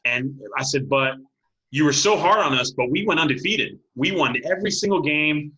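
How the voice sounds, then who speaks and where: A man in his late forties, a high school football coach, telling stories as an interview guest and acting out what people said. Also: moderate pace, highs cut off. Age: late 40s. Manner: animated storyteller, acts out quotes, laughs often. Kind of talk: casual interview storytelling.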